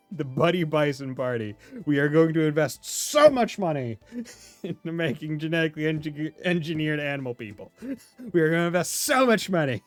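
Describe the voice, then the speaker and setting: A man's voice: on the high side, animated, moderate pace, dry recording. A young man hosting a game playthrough, joking around, laughing a lot and using casual slang. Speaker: let's play host. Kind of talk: gameplay commentary. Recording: dry close mic with faint game music.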